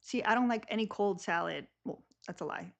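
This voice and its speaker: Rambly young woman live streaming, kinda gravelly voice, lots of likes and ums. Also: mid-range voice, lively intonation, a little fast, muffled recording. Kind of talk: casual live stream chat.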